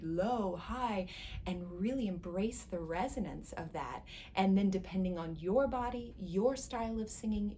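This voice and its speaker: Mellow-voiced woman teaching singing. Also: a little hiss or hum. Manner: chatty, encouraging, breaks into high sung vocal slides. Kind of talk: casual voice lesson with sung demonstrations. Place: music school studio.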